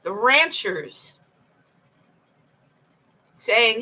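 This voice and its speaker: Speaking unhurriedly in a mid-range voice that sounds pushed and bright, a woman tells her own story alone at night to camera. She rambles passionately and keeps repeating herself, captured on a low-quality recording.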